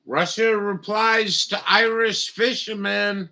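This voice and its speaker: A man's voice: on the high side, takes it slowly, vocal fry, sharp tone. A man grumbling and swearing as he rambles through a live stream, muttering to himself as he reads.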